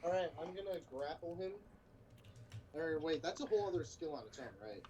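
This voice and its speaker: A man's voice: fairly high pitch, animated, fairly quick, dull audio. A man playing a tabletop game, hesitant and full of ums as he asks about the rules. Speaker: player. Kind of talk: casual tabletop play. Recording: distant mic with crowd noise.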